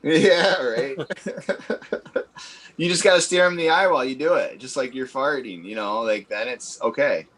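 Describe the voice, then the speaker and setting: Slow, laid-back man chatting as a guest. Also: mid-range voice, fairly bright tone. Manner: laid-back, frequent laughter and agreeing. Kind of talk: casual chat.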